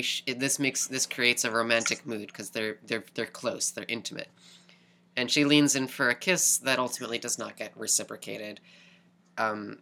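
A woman's voice: rumbling low, gravelly, sharp tone. A woman co-hosting a podcast, recapping a TV episode in casual chat, telling it animatedly and often repeating words as she thinks. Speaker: podcast co-host.

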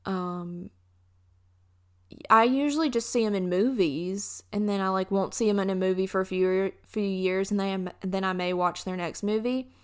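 Here the host is a young woman from Alabama whose Southern-accented voice is mid-range, clear and resonant, holding a steady tone at normal speed. On her casual solo podcast she chats and rambles through a story, often trailing off and beginning again.

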